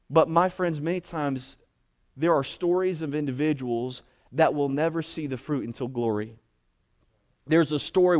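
A young man preaching a sermon, telling an illustration story, swinging between loud emphatic bursts and hushed lines and often repeating words as he builds up. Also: a little high. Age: young adult.

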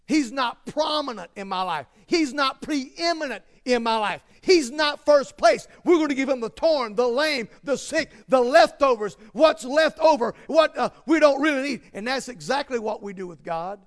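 A male preacher with a strikingly high voice delivers a sermon in emphatic, repeated phrases. He drives each point home with stacked rhetorical questions. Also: animated, moderate pace, few pauses.

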